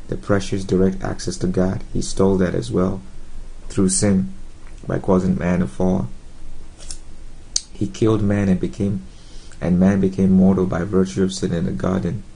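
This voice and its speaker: A man preaching an informal gospel sermon to his listeners, earnest and halting, with many fillers and restarts. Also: low-pitched, gravelly, mellow, slightly rough, poor audio.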